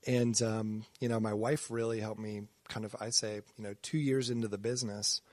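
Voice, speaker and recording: Dry-sounding man, thoughtful and halting. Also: on the low side, little pitch movement, darkish tone, no echo. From Nebraska. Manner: reflective, many ums and restarts, quotes others in a raised voice. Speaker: podcast guest. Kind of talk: casual interview chat.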